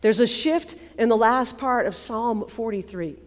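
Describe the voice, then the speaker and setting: A woman preacher giving a sermon, expressive and prayerful, repeating phrases for emphasis. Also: a little high, a little slow. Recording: long reverb of a large hall.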